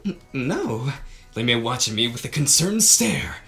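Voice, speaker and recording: A woman reading a visual novel aloud, with theatrical commentary and sudden laughing shouts. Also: a bass voice, sing-song, unhurried. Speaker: game streamer.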